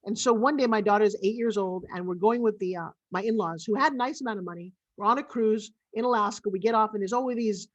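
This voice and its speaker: A woman's voice: medium pitch, fast, hardly any pauses, lo-fi sound. Middle-aged woman telling a story. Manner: animated, emphatic storyteller. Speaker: interview guest. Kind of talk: personal storytelling in a podcast interview. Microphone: remote video call.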